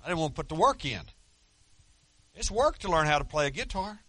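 Middle-aged man, pastor giving a folksy, joking sermon; bright, forceful voice, dry close sound. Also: a little high, sing-song, fairly quick, no room sound. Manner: folksy, joking, rising to loud emphatic preaching.

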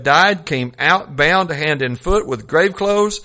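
A man preaching a sermon, retelling scripture as a folksy story. His voice sits a bit high and sounds bright and forceful. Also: expressive, slow pace.

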